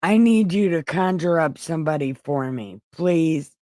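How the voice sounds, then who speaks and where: A desperate male king voiced by a woman, pleading for help in a comic story. Slow, low and dry. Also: lively intonation, warm tone, dry recording.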